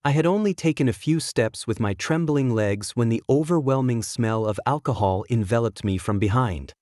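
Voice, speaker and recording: A man narrating a romance story in the first person, with a scripted, even storytelling delivery. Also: mid-range voice, normal speed, no room sound, clean studio sound.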